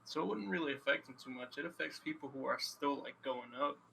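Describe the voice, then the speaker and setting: Laid-back guy on a podcast, gravelly voice, bright edge. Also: mid-range voice, a little fast, slight background noise, rough recording. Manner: laid-back, hedging with fillers. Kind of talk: casual podcast chat.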